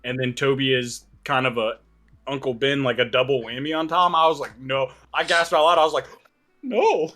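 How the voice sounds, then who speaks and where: A man's voice: mid-range voice, fairly even intonation, brisk, sharp tone, soft background music. A man hosting a podcast chat, enthusiastic and moving the discussion along. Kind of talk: casual chat.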